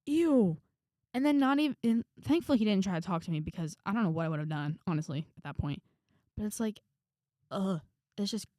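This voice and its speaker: A young woman vlogger telling a story to camera in a casual, animated way, with dramatic quoted asides. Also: mid-range voice, dry recording, clean studio sound. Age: young adult.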